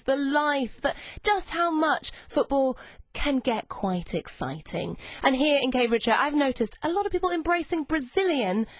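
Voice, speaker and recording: A young woman hosts a lunchtime radio chat show, bubbly and eager as she talks to her listeners. Her voice sits a little high, and the studio mic gives it a dry, close sound. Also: dry recording. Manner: bubbly, chatty, enthusiastic. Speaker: radio presenter. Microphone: studio microphone.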